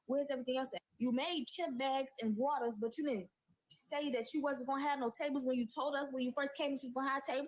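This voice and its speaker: A woman's voice: on the high side, poor audio. Exasperated teen girl ranting. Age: late teens. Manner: exasperated, swears often, rapid slang-filled storytelling. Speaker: storyteller. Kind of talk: casual storytime rant.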